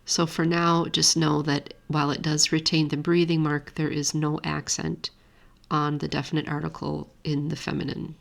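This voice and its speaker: A woman teaching Greek grammar in a steady, methodical way, walking through a lesson on screen. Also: sits low, moderate pace, creaky, few pauses. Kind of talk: screen-share lesson walkthrough.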